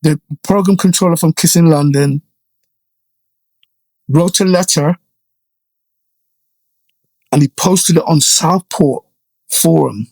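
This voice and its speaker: A middle-aged man from Jamaica, a guest DJ telling stories in a casual interview, animated and checking in often with "you know" and "right?". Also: fairly high pitch, slow, vocal fry, pauses often, no echo.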